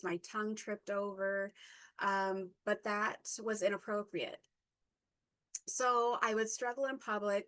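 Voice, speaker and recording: A woman in her forties speaks at a middle pitch, sharing her own story in a personal, reflective talk. She pauses often on ums and stops to correct herself. Her pace is unhurried. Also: fairly bright tone. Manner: halting, with many ums and self-corrections. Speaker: guest speaker.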